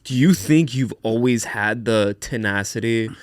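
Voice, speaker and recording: A man hosting a podcast and asking relaxed, long questions in a casual interview. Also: mid-range voice, unhurried, no room sound, clean studio sound. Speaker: podcast host.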